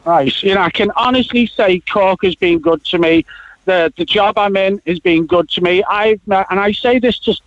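A man's voice: sits high, normal speed, dry recording, highs cut off. A man, calling in to a radio show and chatting casually, rambling with lots of fillers and restarts. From Liverpool. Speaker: caller. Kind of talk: casual radio phone-in chat.

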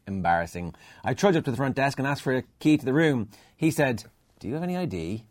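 A man's voice: medium pitch, very animated, fast. A man hosting a podcast, reading out a listener email with dry asides. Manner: reads aloud with dry asides. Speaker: podcast host.

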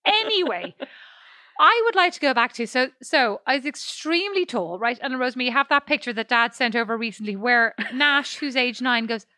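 A woman's voice: high voice, animated, moderate pace, bright, forceful tone, dry recording, studio quality. A woman co-hosting a podcast, chatting casually in a rambling, self-deprecating way and swearing freely. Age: adult. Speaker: podcast co-host. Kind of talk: casual chat.

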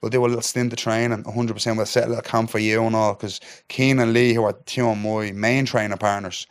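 Fast-talking Dublin man telling a story. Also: on the low side. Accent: Irish, Dublin. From Ireland. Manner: animated retelling, acts out dialogue, keeps asking "do you know what I mean". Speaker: podcast guest, MMA fighter. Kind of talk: casual storytelling chat.

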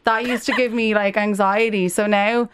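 A woman's voice: mid-range voice, fairly even intonation, moderate pace, a little hiss or hum. A woman in her thirties with a Dublin accent, a radio studio guest telling chatty stories and acting out the voices she quotes. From Ireland. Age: 30s. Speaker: guest, gossip site founder. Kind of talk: casual radio chat.

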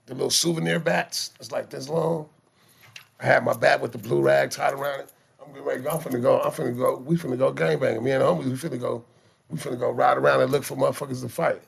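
A man telling street stories in casual chat, with profane slang, animated delivery and stammering restarts. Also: medium pitch, quick pace, creaky, slightly rough. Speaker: guest telling life stories.

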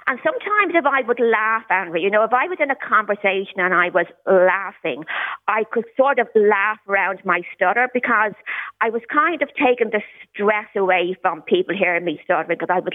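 Woman in her sixties on the phone. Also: a little high. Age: 60s. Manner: candid, with occasional stutter repetitions. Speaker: caller. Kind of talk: phone-in radio conversation. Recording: tinny phone line.

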